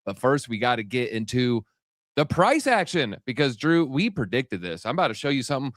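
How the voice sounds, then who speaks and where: A man's voice: mid-range voice, sing-song, a bit bright, dry recording, studio quality. Out-of-breath hyped crypto show host man. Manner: hyped, rapid-fire, addresses viewers directly. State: slightly out of breath. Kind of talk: energetic live-stream market commentary.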